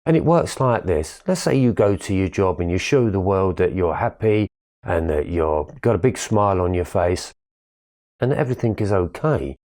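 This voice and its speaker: A spiritual speaker with a low-sitting, expressive, slightly mellow voice gives a candid, earnest talk about his own life at normal speed, swearing casually along the way. It's a reflective personal monologue.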